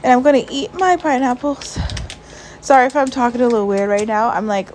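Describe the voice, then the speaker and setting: A woman's voice: high voice, animated, brisk, slight background noise, rough recording. Sighing, emotional woman with a raised voice. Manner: soft, sighing, frequent "like" fillers. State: emotional, stressed. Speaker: vlogger. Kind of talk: casual vlog voiceover. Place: at home, lying down. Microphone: voiceover mic.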